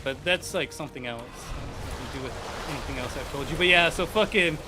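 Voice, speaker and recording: A young man, a game streamer, rambling in excitable, profane casual chat at his home gaming setup on a desk microphone. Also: mid-range voice, fairly quick, music in the background.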